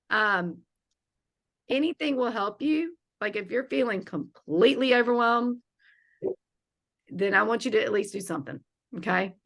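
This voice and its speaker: A woman's voice: a little high, gravelly, a bit bright. Upbeat woman teaching an online class. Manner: upbeat, chatty, coaxing the class. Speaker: feng shui teacher.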